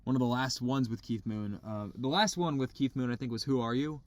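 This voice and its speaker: Excitable swearing man chatting in a car. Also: medium pitch, brisk. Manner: excitable, swears, imitates vocals. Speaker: podcast co-host. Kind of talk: casual chat. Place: parked car.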